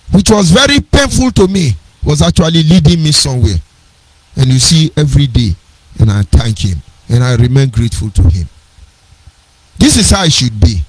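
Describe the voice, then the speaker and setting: A man's voice: a little high, slightly rough, no echo, poor audio. A middle-aged man with a Nigerian accent, giving an earnest personal storytelling talk on a radio program, digressive and with sing-song emphasis.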